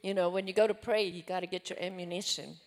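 A woman's voice: fairly low pitch, steady tone, fast, in a large hall. An older woman giving a testimony and praying fervently, speaking from a church stage. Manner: fervent, declaring prayer. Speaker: pastor's wife. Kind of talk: testimony and prayer.

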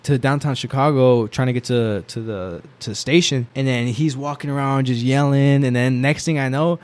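A man's voice: medium pitch, normal speed, darkish tone. A young man telling a long personal story in a casual chat, rambling with lots of filler words and laughing often. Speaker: storyteller guest.

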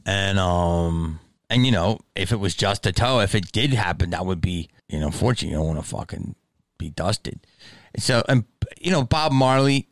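A man's voice: sits low, gravelly, no room sound, studio quality. A man hosting a podcast, telling a rambling, profane story in a casual monologue. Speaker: podcast host.

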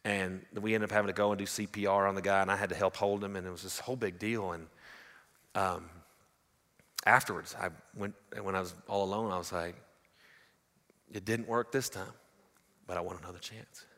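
A man preaching a sermon, his low voice carrying a bright, forceful edge. He tells stories, swinging from loud bursts to hushed asides, and a long reverb trails after his words in a large hall. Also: flat delivery, a little fast. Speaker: pastor.

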